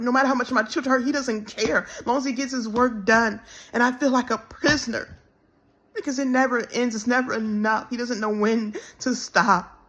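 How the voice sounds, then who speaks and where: A woman speaking in an emotional personal monologue, halting and repeating words, close to tears as she pleads. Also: fairly high pitch, a bit bright. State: tearful, close to crying. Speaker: self-described minister.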